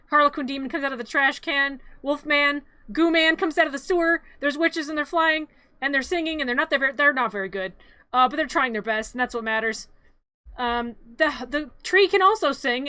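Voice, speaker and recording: A woman streaming live, narrating scenes in a rambling, jokey way with lots of restarts. Her voice is high and bright. The sound is close and dry. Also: no echo.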